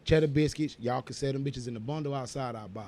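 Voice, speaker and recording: A man, co-hosting a casual podcast in a rambling, animated and profane way, always going off on tangents. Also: medium pitch, fast talker, slight background noise. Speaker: podcast co-host.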